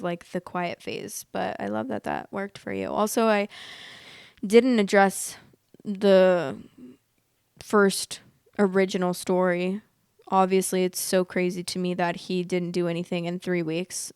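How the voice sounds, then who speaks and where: A young woman with an American accent talks in a casual, chatty way and reacts to stories with big, exaggerated remarks. Her voice is smooth and clear, and it sounds close and dry with no room around it. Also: mid-range voice, no echo. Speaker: host reading online stories. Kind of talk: casual storytime commentary.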